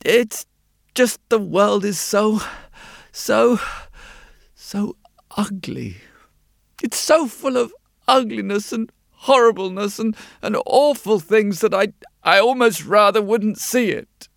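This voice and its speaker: A man's voice: high-pitched, takes it slowly, vocal fry, dry recording, studio quality, pitched above the performer's own voice, exaggerated voice. A man voicing a timid, squinting, mole-like man in a storybook tale who talks in an anxious, stammering, pleading way. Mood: distressed.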